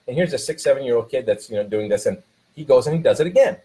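A man's voice: medium pitch, expressive, fast, dark tone, rough recording. A man, a father, talking casually about his son and giving motivational advice with many restarts, growing more emphatic as he coaches.

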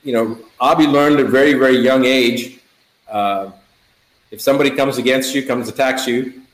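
Middle-aged male doctor guest, emphatic and animated, casual, roomy echo. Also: mid-range voice, moderate pace. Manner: animated, emphatic, repeats words in lists. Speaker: physician guest. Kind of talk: casual chat.

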